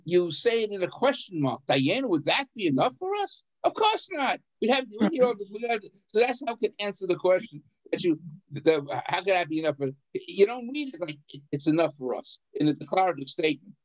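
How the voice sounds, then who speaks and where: A man's voice: high-pitched, poor audio. A man teaching an adult class, explaining a text, putting questions to the class and chuckling as he goes, often repeating words. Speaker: rabbi teaching adult education. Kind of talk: adult education class on the Passover Haggadah.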